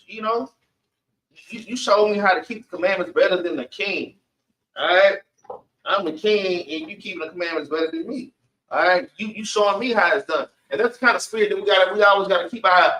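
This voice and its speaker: A man's voice: high-pitched, pushed and bright. Casual bible teacher guy, emphatic, keeps saying man, sounds distant in a roomy space. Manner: emphatic, calls everyone man, urges reading on. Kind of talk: preaching commentary on scripture. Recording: echoey room, far from the mic.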